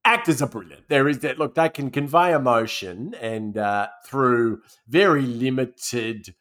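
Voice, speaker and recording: A man's voice: mid-range voice, measured pace, fairly bright tone. A man, co-hosting a podcast in casual, slangy, blunt chat. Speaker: podcast co-host.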